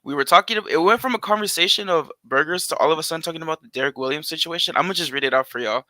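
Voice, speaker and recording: Man, podcast co-host, casual animated chat, very bright tone, dry recording. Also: a little high, rapid-fire, dry recording. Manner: animated, heavy use of "like".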